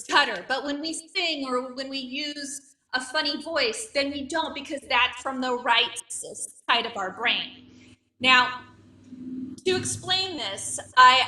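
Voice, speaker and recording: A woman's voice: high-pitched, bright, forceful tone, recorded from a distance, a little hiss or hum. A woman in her late thirties with a stutter, doing a wry, self-mocking stand-up comedy set. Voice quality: stutters, with repeated sounds and blocks.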